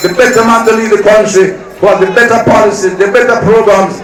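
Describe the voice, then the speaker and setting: A man's voice: high voice, steady tone, brisk, soft background music. A man with a Jamaican accent giving a political rally speech to party supporters, building his points through emphatic repetition. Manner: rousing, repetitive emphatic phrasing. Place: large rally venue. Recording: echoey, far from mic, crowd behind.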